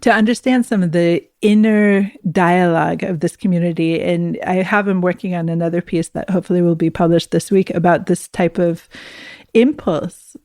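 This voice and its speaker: A woman's voice: fairly low pitch, fairly even intonation, moderate pace, warm tone, no room sound, studio quality. A middle-aged woman hosting a podcast, talking in an engaged, reflective way. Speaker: podcast host. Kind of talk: podcast conversation.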